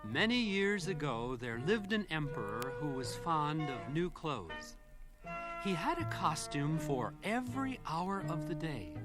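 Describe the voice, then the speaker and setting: Brief: male children's storyteller, animated delivery over music. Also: a little high, measured pace. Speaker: children's show host.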